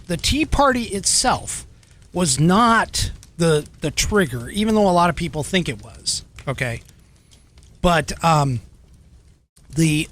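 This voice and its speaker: A man's voice: fairly high pitch, a bit bright. A male podcast host reading a history segment, with chatty digressions and hesitant fillers while he searches his notes.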